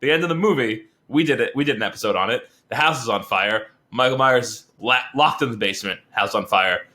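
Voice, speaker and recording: A man co-hosting a podcast in casual chat, animated and laughing often. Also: mid-range voice, brisk. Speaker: podcast co-host.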